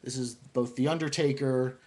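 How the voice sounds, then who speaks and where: A young man talking casually, introducing his impressions with relaxed, chatty asides. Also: mid-range voice, normal speed. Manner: relaxed, chatty, hesitant with fillers. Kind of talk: casual video monologue.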